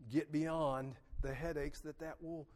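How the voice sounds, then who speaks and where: High-voiced preacher man calling for amens. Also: flat delivery, unhurried, slight background noise. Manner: call-and-response, asks the congregation for amens; swings between soft, low asides and loud emphatic peaks. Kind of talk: sermon. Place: church sanctuary. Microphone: PA microphone.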